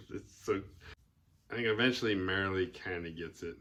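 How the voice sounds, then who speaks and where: A man's voice: deep voice, fairly even intonation, brisk, pushed and bright. A man hosting a podcast who gives a casual, rambling movie recap, often chuckling and acting out quotes. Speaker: podcast host.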